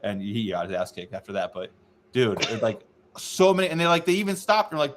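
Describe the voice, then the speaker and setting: A man's voice: fairly high pitch, expressive, fast, a little hiss or hum. Man rambling casually with lots of "dude". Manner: loose rambling storyteller, swears casually, says dude often. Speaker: co-host, navy veteran. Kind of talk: casual podcast chat.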